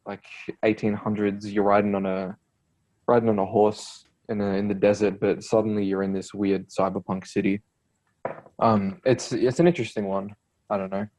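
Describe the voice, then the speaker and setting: Low-voiced man, hesitant podcast chat. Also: darkish tone. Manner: hesitant, many fillers and restarts.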